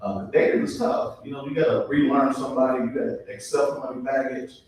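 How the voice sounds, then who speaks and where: A man's voice: medium pitch, fast talker. Young guy doing standup, chatty and loose, lots of ums, heard from far off in a super echoey room. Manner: relaxed, chatty delivery with frequent ums and asides to the crowd. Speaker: stand-up comedian. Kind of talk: stand-up comedy set. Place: live comedy show in a venue. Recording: distant, very echoey room mic with faint noise.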